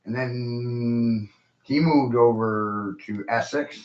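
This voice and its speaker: A man's voice: mid-range voice, takes it slowly. A man ranting profanely and heatedly in a casual podcast chat. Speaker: podcast host. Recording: echoey, dull lo-fi room.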